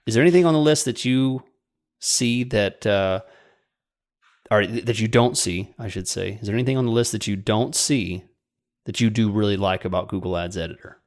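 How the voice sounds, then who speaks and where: A man's voice: fairly low pitch, moderate pace. A man co-hosting a podcast in casual chat, chatty and joking with sarcastic asides. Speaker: podcast co-host.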